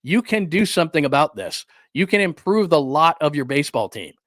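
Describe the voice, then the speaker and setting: A man hosting a solo sports livestream rants in a slightly high voice, with quick asides and laughs, and he stops to greet viewers in the chat. The sound is close and dry, with no room echo. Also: big pitch swings, a bit bright. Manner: reads and answers live chat. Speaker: sports talk host.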